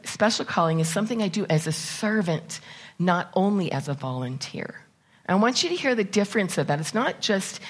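A middle-aged woman speaks from the pulpit in a relaxed, conversational way. Her voice sits a little low for a woman. She moves between candid personal stories and a numbered list of points. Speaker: church speaker. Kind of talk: conversational sermon.

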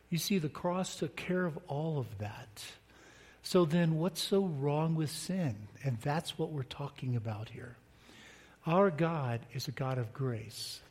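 With a fairly high but darkish voice, a middle-aged man delivers a sermon as pastor, chatting and joking with his congregation. The church sanctuary gives the recording a long, hall-like reverb.

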